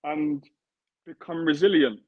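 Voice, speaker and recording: He's a man in his thirties, once a football player, chatting casually as an interview guest. He builds his point earnestly by saying things more than once, in a fairly high voice at a measured pace. The recording is dry, carried over a tinny remote line like a phone call.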